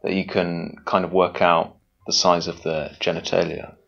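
A man's voice: sits low, little pitch movement, moderate pace, gravelly, a bit bright, lo-fi sound, soft background music. A man as a podcast guest, chatting in a rambling, hesitant way. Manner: rambling, hesitant, self-conscious. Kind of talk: casual podcast chat over a call.

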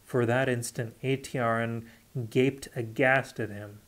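A man reading a fantasy novel aloud unrehearsed, steady with occasional self-corrections. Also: mid-range voice, takes it slowly. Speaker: audiobook reader. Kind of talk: unrehearsed audiobook narration.

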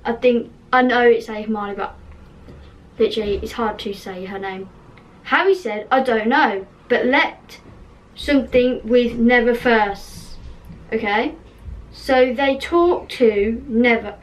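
A woman's voice: a little high, slow pace, far from the mic. A young woman casually reading aloud from her old notebook, laughing often and mocking her own spelling. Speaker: channel host reading an old dream book.

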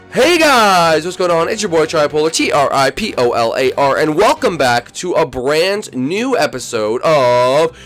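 A young man narrating a Minecraft role-play in an excitable voice that jumps all over in pitch, from loud outbursts down to quiet mumbles. Faint music plays underneath. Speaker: YouTube host and role-player.

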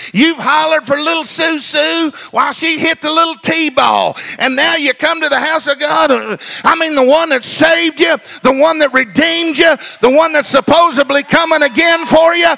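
A man preaching a pentecostal sermon in a church, shouting and half-singing his phrases. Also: very high-pitched, vocal fry. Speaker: pastor. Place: church sanctuary.

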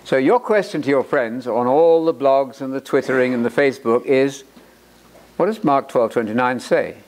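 A man's voice: medium pitch, normal speed, a little mellow. A man giving a lecture-style sermon to an audience, joking and repeating words for emphasis as he reads quotes aloud. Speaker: Bible college lecturer.

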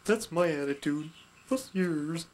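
A man voicing a gentle little heart puppet with an attitude, soft-spoken and sweet while teaching about puppet characters. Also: fairly high pitch, takes it slowly. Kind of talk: puppet instruction skit.

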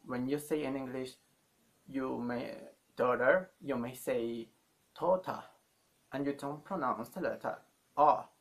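A man gives a language lesson at an unhurried, halting pace. His voice has a gravelly edge, and he repeats sounds over and over so learners can follow. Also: mid-range voice, fairly even intonation. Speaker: language teacher. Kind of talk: slow spoken language lesson.

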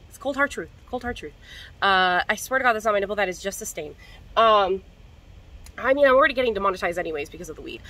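A woman's voice: medium pitch, expressive, quick pace, sharp tone, low-quality recording. A young woman vlogger in casual chat to camera, slangy and profane, coughing now and then. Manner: chatty, slangy and profane, coughing between hits.

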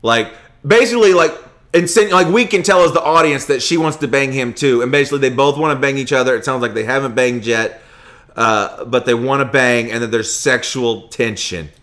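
A young man hosting a podcast, chatting casually and retelling movie scenes in a rambling, animated way. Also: mid-range voice, fairly quick. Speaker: podcast host. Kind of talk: casual movie review chat.

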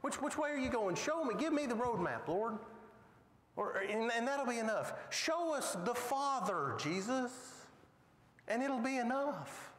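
A man's voice: very high voice, sing-song, measured pace, a bit bright, voice pushed up, heavily acted. A man voicing a pleading, confused male disciple in a Bible lesson, recorded in a church. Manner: pleading, eager. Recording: echoey hall with long reverb.

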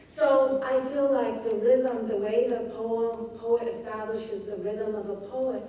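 A woman with a fairly high, mellow voice gives a relaxed talk on the rhythm of poetry. She speaks thoughtfully and often stops to find the right word. She is recorded from a distance in a very echoey room with faint background noise. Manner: thoughtful, pauses to search for words. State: feeling cold. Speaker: poetry teacher. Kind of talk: informal lecture on poetry.

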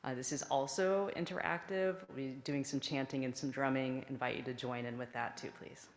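A woman's voice: a bass voice, fairly even intonation, a little fast. A woman leading a church service, introducing the next part in a friendly, informal way. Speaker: service leader. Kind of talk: announcement at a service. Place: church sanctuary.

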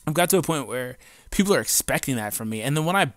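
An adult man, a gaming YouTuber, rants to camera in a casual, unscripted way, using slang, profanity and lots of fillers as he rambles loosely, blunt and defiant. His mid-range voice is expressive, quick and a bit bright. Recorded on a home mic, the sound is clean and studio-like with no room sound.

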